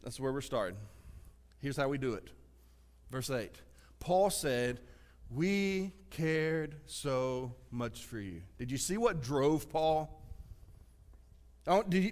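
A man with a Southern US accent preaching a sermon as pastor, swinging from loud exclamations to hushed asides. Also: high voice. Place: church sanctuary. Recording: reverberant church sanctuary.

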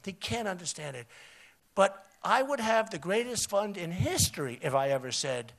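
A man in his sixties with a New York accent, giving a rambling, repetitive rally speech from a podium microphone, jumping between loud emphasis and quiet asides. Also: high-pitched, big pitch swings, moderate pace, gravelly. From United States. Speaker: political candidate. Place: outdoor resort rally.

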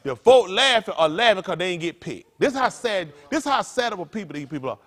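Man, pastor, conversational sermon, high pitch, very expressive. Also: fairly quick. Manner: animated, colloquial, rhetorical questions.

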